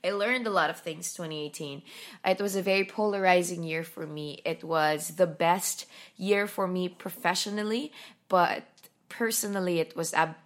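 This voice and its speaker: A woman's voice: fairly low pitch, moderate pace. A young Filipino woman with a Filipino accent, hosting her own solo podcast at home in a groggy morning voice, talking candidly and rambling with self-deprecating asides. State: groggy morning voice after little sleep. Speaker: podcast host.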